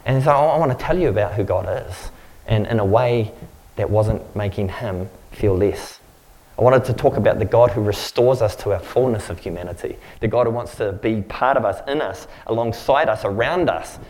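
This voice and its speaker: A man's voice: lowish voice, normal speed, a little mellow, poor audio. A man giving a sermon as a pastor, telling a story in a rambling, conversational, self-mocking way. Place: church.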